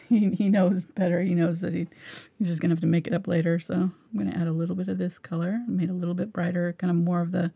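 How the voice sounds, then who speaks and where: Husky woman in her 40s chatting while painting, gravelly, pitched lowish. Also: fast, hardly any pauses. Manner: relaxed, chatty, talks softly while painting. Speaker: painting instructor. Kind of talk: live painting tutorial chat.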